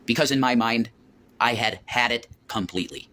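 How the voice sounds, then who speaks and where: A man recounting a fight in an agitated, profane way, circling back over the same points. His voice sits in an ordinary middle pitch. A faint noise hums under the recording. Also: normal speed, pushed and bright. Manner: profane, agitated, repeating himself. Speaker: streamer telling a story. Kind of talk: emotional storytelling on a stream.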